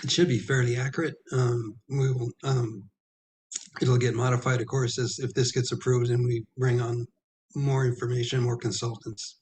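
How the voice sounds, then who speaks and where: Man presenting with frequent throat clearing. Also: medium pitch, flat delivery, darkish tone. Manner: halting, many ums and throat clearing. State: losing his voice. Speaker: architect presenting to a planning commission. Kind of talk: public meeting presentation. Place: town hall meeting room.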